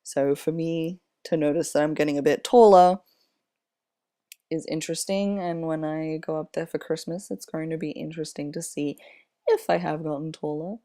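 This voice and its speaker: A young man in his twenties with a slightly airy voice, talking casually in a personal vlog, unhurried and rambling with many fillers. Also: on the high side, steady tone, warm tone. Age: 20s. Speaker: vlogger.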